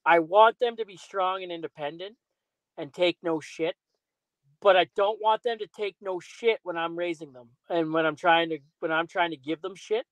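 A man's voice: high voice, moderate pace, no room sound, low-quality recording. A man hosting a casual podcast, telling blunt, profane stories and laughing at them. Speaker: podcast host.

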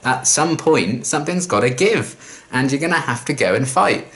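A man's voice: medium pitch, expressive, moderate pace, fairly bright tone. Exasperated man ranting. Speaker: reaction video host. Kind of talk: casual reaction rant.

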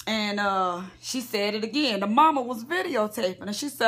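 A woman's voice: mid-range voice, brisk, few pauses, fairly bright tone. A woman vlogger lying in bed at home, gossiping about celebrities in a chatty, profane way and talking straight to her viewers. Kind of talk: casual celebrity gossip rant.

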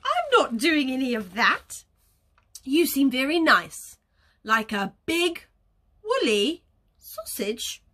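A woman's voice: sits high, very animated, slow pace, long pauses, pushed and bright, exaggerated voice. A woman voicing a polite, cheerful female goose in a children's storybook, with a sweet, prim, sing-song manner. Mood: polite, puzzled.

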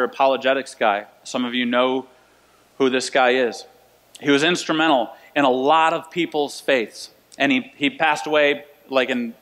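A male pastor with a medium-pitched, slightly bright voice delivers a conversational sermon, repeating key phrases for emphasis. The recording carries the long reverb of a church sanctuary.

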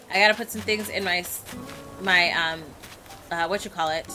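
A young woman gaming YouTuber giving casual, excitable, self-mocking commentary as she plays. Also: fairly low pitch, brisk. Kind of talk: casual let's-play commentary. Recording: faint game music behind.

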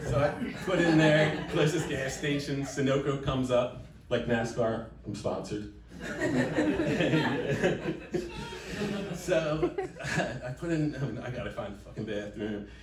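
A man doing a crude, animated stand-up comedy set on a club stage, breaking into shouted outbursts. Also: medium pitch, slow pace. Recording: echoey room from a distance with a laughing crowd. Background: laughing audience.

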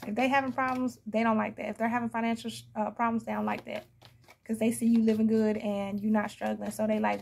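A woman's voice: a little high, flat delivery, quick pace, vocal fry, darkish tone. A woman giving a casual, blunt tarot reading, chatting to viewers and laughing often. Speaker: tarot reader.

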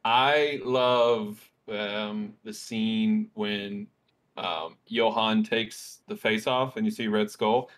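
A man's voice: medium pitch, very animated, takes it slowly, vocal fry, fairly bright tone. A man co-hosting a podcast in casual chat, talking with frequent ums and restarts. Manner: chatty, hesitant with ums and likes. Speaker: podcast co-host.

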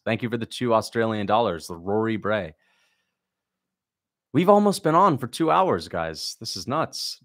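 A young man hosts a livestream reacting to a fight, his mid-range voice fairly bright in tone. He chats casually, reading out viewer questions and mocking what he sees with blunt sarcasm.

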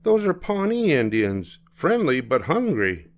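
A cheerful pioneer mother with a bright, brisk manner, her voice pitched well up, as an older man reading a storybook puts her on. She keeps her children in line with quick, sure commands, and her tone swoops lively through each phrase.

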